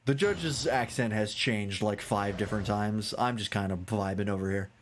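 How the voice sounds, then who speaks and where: A man's voice: fairly low pitch, normal speed, slight background noise. A man streaming a game, chatting casually, swearing and joking about himself. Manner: loose, self-mocking, swears casually. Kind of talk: casual gameplay commentary.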